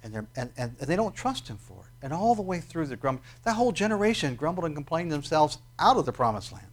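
A man's voice: a little high, sing-song, quick pace. A man preaching a sermon in a conversational way, often asking his listeners questions. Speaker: pastor.

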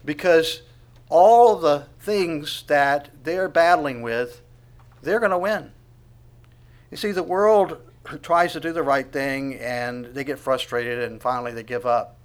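A man preaching a sermon, asking the congregation questions and swinging from quiet asides to loud proclamation. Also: on the high side, takes it slowly, clear, resonant tone. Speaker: pastor.

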